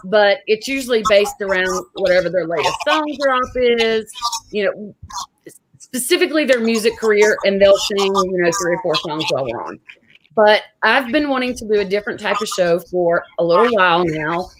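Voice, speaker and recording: A woman's voice: mid-range voice, expressive, moderate pace, crowd noise, low-quality recording. A woman hosting an interview show, chatting casually and enthusiastically with her guest over a video call. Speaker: show host.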